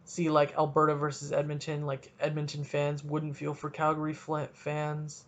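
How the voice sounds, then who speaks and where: A man from Canada hosting a casual solo podcast, rambling and joking as he thinks out loud. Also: on the high side, completely flat delivery, moderate pace. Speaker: podcast host. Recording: dull lo-fi recording.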